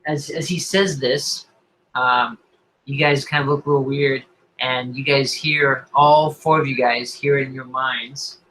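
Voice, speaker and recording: A man's voice: medium pitch, steady tone, unhurried, pushed and bright, a little hiss or hum, rough recording. A young man narrating as game master on a video call, hesitant and full of ums as he describes the scene.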